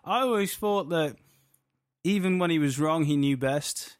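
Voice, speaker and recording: A man's voice: fairly high pitch, unhurried, dry recording, studio quality. A man chatting casually as a podcast co-host, rambling and restarting his thoughts as he goes. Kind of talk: casual chat.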